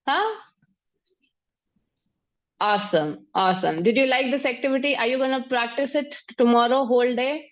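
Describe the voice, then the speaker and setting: A woman with an Indian accent leading a live online class, energetic and coaxing, laughing along with her students. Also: high voice, moderate pace, pauses often. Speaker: yoga and breathwork instructor.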